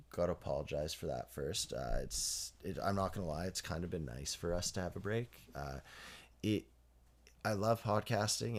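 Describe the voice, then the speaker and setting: A man co-hosting a podcast in casual chat, rambling and correcting himself as he goes, quick to laugh. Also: deep voice, slightly rough. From Canada. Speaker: podcast co-host.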